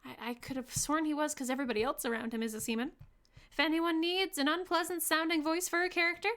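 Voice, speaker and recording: A woman's voice: sits high, steady tone, quick pace, a bit bright. A woman streamer giving casual, playful gameplay commentary and chatting with her viewers. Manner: playful, chatty, riffing with chat.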